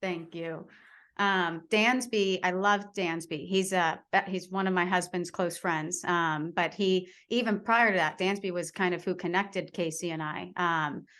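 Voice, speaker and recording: A woman's voice: on the low side, steady tone, measured pace, a bit bright. A woman in her thirties, a sports reporter, telling stories in casual chat with an enthusiastic manner and many fillers. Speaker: baseball reporter, podcast guest.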